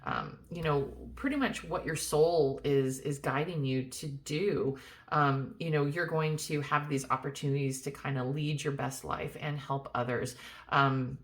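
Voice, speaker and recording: Woman tarot reader, low-pitched, casual and reassuring, lots of ums and restarts. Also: fairly even intonation, a little slow, fairly bright tone. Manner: chatty, many fillers and restarts; reassuring, speaks directly to viewer. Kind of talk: casual pick-a-card reading.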